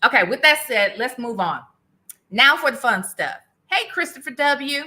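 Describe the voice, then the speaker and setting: Bright-voiced woman hosting a livestream. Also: high-pitched, very animated, normal speed. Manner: chatty, playful teasing, laughs often. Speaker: host. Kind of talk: casual livestream interview.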